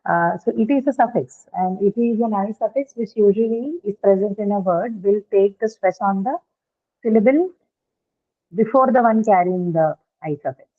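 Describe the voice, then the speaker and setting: A woman's voice: medium pitch, moderate pace. Woman teacher lecturing on tinny audio. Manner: explanatory, checks in with "right?". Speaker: English teacher. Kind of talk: classroom lecture on word stress. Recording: phone-like lo-fi classroom audio.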